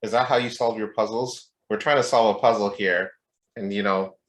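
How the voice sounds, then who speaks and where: A man's voice: fairly low pitch, fairly even intonation, normal speed, a bit bright. Joking, profane young man co-hosting a podcast. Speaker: podcast co-host. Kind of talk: casual chat.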